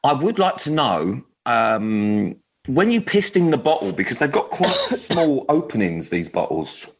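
A man's voice: mid-range voice, very animated, measured pace, slightly rough. A man co-hosting a radio dating show, rambling and joking with lots of fillers. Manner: jokey, rambling, full of fillers. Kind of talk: casual chat.

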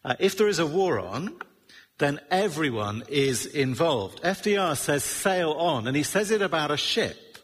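A man's voice: fairly high pitch, big pitch swings, moderate pace, slight background noise. A middle-aged man preaching a sermon in a conversational way, with wry asides. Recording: long reverb of a large hall.

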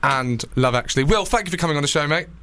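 A man hosts a casual comedy podcast, ribbing his guest and breaking into sudden exclamations. His voice sits a little high and swings widely in pitch. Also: lively intonation, quick pace, sharp tone. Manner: jokey, teasing, bursts into exclamations. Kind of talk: casual chat.

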